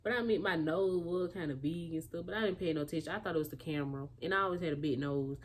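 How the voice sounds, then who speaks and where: Young woman w/ aave telling her storytime, lowish voice, jumps around doing everyones lines. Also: fast, slight background noise. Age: young adult. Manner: animated storytelling, acting out quotes. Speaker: vlogger. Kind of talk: casual storytime.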